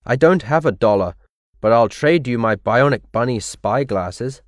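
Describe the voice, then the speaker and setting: Excitable young boy, lively pitch, read by a man; dry close recording. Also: moderate pace, no room sound, natural voice. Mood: excited.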